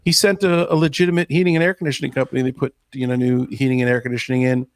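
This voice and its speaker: Straight-talking podcast dude, dry close sound, no room. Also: male voice, mid-range voice, little pitch movement, very fast, no echo. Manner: frank, blunt, swears freely. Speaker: podcast co-host. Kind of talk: casual chat.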